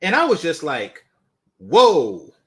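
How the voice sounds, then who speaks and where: A man's voice: mid-range voice, lively intonation, measured pace, fairly bright tone. A man hosting a dating commentary channel, talking casually with blunt, dismissive swearing.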